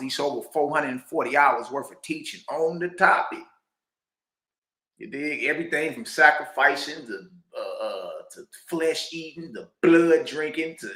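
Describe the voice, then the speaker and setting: A man hosting a reaction video, talking loudly and excitedly, laughing often and dropping preacher-style asides. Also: mid-range voice, reverberant. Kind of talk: animated commentary reacting to a clip.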